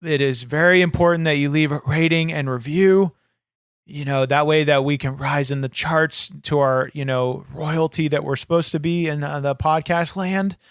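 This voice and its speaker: A man's voice: a little high, fairly even intonation, normal speed, smooth, no echo, studio quality. A man hosting a comedy wrestling podcast, talking brashly and swearing freely. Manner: brash, swears freely, hard-selling promo tone. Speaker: podcast host.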